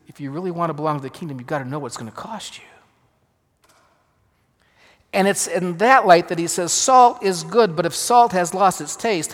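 A man, a pastor, preaching a sermon with emphatic swings between loud and hushed delivery. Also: a little high. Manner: emphatic, dramatic shifts in loudness. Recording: long reverb of a large hall.

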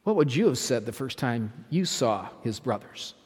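A man's voice: medium pitch, sing-song, moderate pace, a little mellow, breathy edge. Emphatic male pastor in a reverberant hall. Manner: emphatic, asks the listeners questions, repeats phrases. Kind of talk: sermon.

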